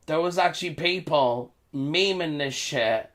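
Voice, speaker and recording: A British man speaking slowly in a fairly high voice for a man. He rambles through a casual vlog commentary, repeating phrases and chuckling between remarks. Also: a bit bright. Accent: British English. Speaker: vlogger.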